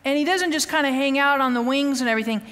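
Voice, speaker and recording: A woman teaching a Bible lesson, telling the story with lively, animated acting-out of the quotes. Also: sits high, fast talker, in a large hall. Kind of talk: teaching sermon. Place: outdoors, windy.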